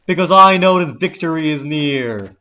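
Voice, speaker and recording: Speaking at a moderate pace in a fairly high, animated voice, a Balkan gamer fakes an American accent as he narrates his session. Grandiose mock war speeches alternate with wry quips, with loud game sounds and vehicle noise in the background.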